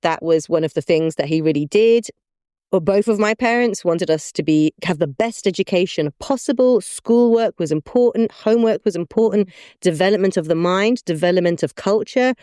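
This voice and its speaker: Animated woman laughing through her stories. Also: lowish voice, normal speed, no echo, studio quality. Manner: animated storyteller, laughing often. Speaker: podcast co-host. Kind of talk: casual conversational chat.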